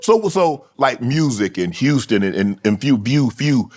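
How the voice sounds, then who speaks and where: A man with a Southern accent hosting a casual interview, asking questions in a lively way and chuckling along. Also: mid-range voice, unhurried. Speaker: podcast host.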